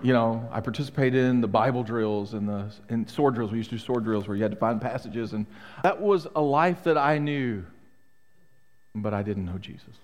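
A middle-aged male pastor delivering an emphatic sermon, pressing the room with questions. His voice sits at an ordinary pitch for a man. It rings out with the long reverb of a church sanctuary. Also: moderate pace. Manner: emphatic, rhetorical questions to the congregation.

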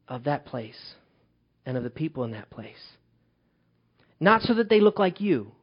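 A man preaching a sermon as pastor, swinging from loud emphatic calls to hushed, quiet lines. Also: high-pitched, breathy edge, dull audio.

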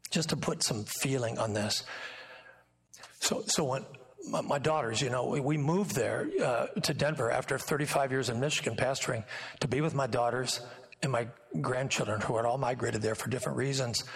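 An older man preaching a sermon, moving between impassioned acted-out scenes and quiet, intimate storytelling. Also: medium pitch, normal speed, creaky. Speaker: guest pastor. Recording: church sanctuary sermon audio.

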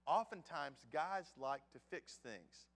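A man's voice: fairly high pitch, animated, slow pace, fairly bright tone. A man preaching a sermon in a conversational, storytelling way, talking straight to the men in the room. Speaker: pastor. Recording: long hall reverb.

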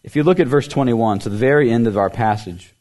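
A man preaching a sermon as pastor, earnest, repeating words for emphasis, lifting his voice on key phrases and letting it sink soft and low at the ends. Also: fast.

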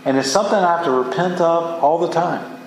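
A man preaches with earnest emphasis, his fairly high voice lifting as he presses a point. The sound is roomy and reverberant, like a church sanctuary heard from some distance, with a faint hiss beneath. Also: brisk. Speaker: pastor. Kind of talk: sermon. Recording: echoey hall from far off.

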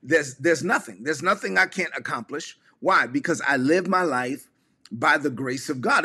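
A man's voice: mid-range voice, lively intonation, moderate pace, bright, forceful tone, breathy edge. A man preaching a sermon to an online audience, emphatic and repetitive, calling on listeners to repeat lines aloud. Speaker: pastor.

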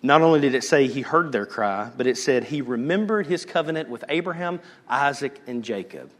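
A man preaching a sermon as pastor, moving between loud calls and hushed, almost whispered lines. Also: medium pitch, animated, brisk, big-room sound.

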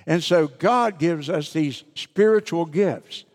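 A middle-aged man pastor preaching a sermon, deliberate and repeating key phrases for emphasis. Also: on the high side, in a large hall.

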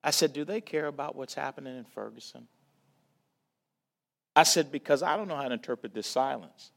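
In a church talk, a man shares a personal story the way a preacher would, acting out the voices he quotes and alternating between loud and hushed delivery. His mid-range voice is creaky and fairly quick.

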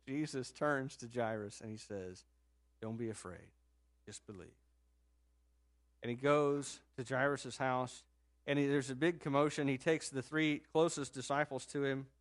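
A man preaching a sermon in a conversational, animated storytelling manner, rising sharply in pitch and loudness at times and dropping to a soft low voice for quoted words. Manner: drops to a soft, low voice when quoting Jesus. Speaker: pastor.

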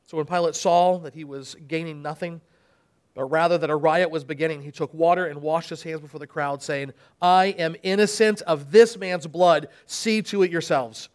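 During a church service, a man with a fairly high pitch and steady tone preaches at a moderate pace. He reads scripture dramatically, giving emphatic voice to quoted speech, then explains the passage.

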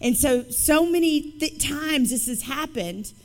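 A woman with a fairly high voice gives a testimony at a church service. She tells her story in a lively, conversational way, and she leans hard on the points she wants to land. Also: a little slow. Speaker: guest speaker and author.

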